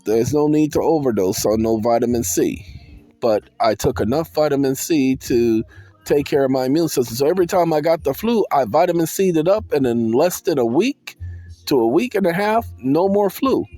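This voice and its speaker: A man giving a casual, animated monologue to his viewers, calling out to them and slipping into sing-song bursts, with soul music playing behind him. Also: a little high, moderate pace, no echo. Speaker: vlogger.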